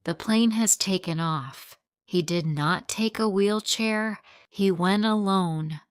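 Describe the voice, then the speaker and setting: Kind male officer, voiced by a woman: soft, slow and reassuring, in a smooth, dry-sounding read. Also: mid-range voice, no echo, close to an everyday voice. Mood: sympathetic. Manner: gentle, comforting, simple sentences. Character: kind middle-aged male police officer.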